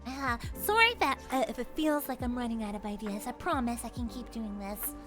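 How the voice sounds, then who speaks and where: Woman, streamer, playful storyteller, giggly, higher voice, faint background music. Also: brisk. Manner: animated, giggly, playful second-person storytelling. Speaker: streamer telling stories to chat. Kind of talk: casual livestream storytelling.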